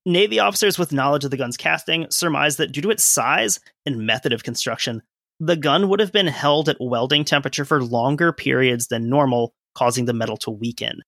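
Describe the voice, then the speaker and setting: Co-hosting a laid-back history podcast, a man with a bright, forceful, mid-range voice and some vocal fry talks through events conversationally, tossing in asides as he reads from his sources. He speaks briskly, and the recording is close and dry with no echo.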